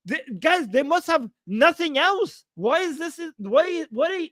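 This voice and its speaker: A man's voice: extremely high pitch, very animated, measured pace, few pauses, fairly bright tone, dry recording, clean studio sound. A man hosting a casual political livestream, talking in a sarcastic, mocking way and swearing freely.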